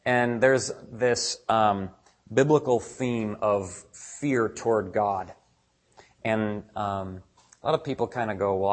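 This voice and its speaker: A man preaching a conversational sermon, animated, acting out quoted voices as he reads scripture. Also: medium pitch, slightly rough. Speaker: pastor.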